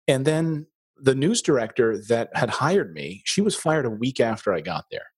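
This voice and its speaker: A man's voice: medium pitch, normal speed, breathy edge, no room sound. A middle-aged man from the Philadelphia area, a former TV news anchor, animatedly telling his career story as an interview guest. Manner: animated storyteller, acts out quoted voices. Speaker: guest, former TV news anchor turned real estate investor.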